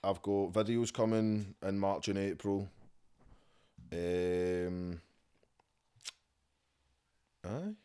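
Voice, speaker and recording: A Scottish man talks casually on a podcast from his home, his voice fairly low. He is laid-back and trails off mid-thought, with swearing scattered all through. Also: drawn-out words, long pauses, warm tone, smooth. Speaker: guest rapper.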